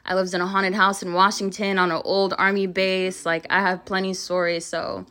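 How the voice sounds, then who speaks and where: A woman's voice: medium pitch, level tone, moderate pace, sharp tone. A woman casually telling a creepy story from her childhood, rambling with lots of "like" and quoting her family. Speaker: guest storyteller.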